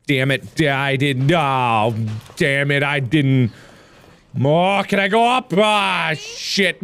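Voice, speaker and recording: A man giving let's play commentary, joking around and bursting into shouts while he plays. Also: fairly high pitch. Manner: excitable, jokey, prone to shouting outbursts.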